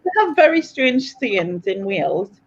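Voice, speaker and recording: A woman's voice: medium pitch, very animated, unhurried, breathy edge, highs cut off. A British woman chatting as a guest on a livestream, easygoing and giggly. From England. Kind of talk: casual livestream chat.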